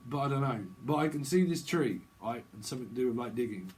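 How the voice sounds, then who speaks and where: A man's voice: mid-range voice, lively intonation, fast talker, darkish tone, low-quality recording. A man doing a casual tarot reading vlog, rambling and slangy and often laughing. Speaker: tarot reader.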